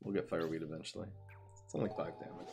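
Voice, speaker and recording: A young man giving casual live commentary on his card game, excitable and jokey, muttering one moment and loud the next. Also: sits low, brisk, creaky, music in the background. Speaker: gaming streamer.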